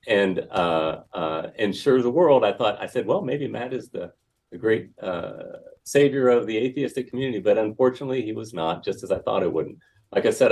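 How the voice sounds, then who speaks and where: Husky low-voiced male debater. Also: darkish tone. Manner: firm, assertive, lots of hesitations. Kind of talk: debate closing remarks.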